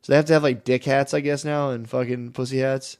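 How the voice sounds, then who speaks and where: A man's voice: mid-range voice, level tone, a little mellow. A man co-hosting a comedy podcast, riffing crudely and joking with his partner. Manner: crude, joking, quick riffs. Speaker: podcast co-host. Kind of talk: casual comedy podcast banter.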